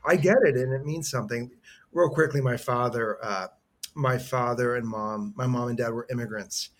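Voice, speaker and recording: A middle-aged man, appearing as a podcast guest, speaks at a mid-range pitch and a normal speed. His storytelling is conversational, earnest and heartfelt, and he rambles and restarts his sentences along the way.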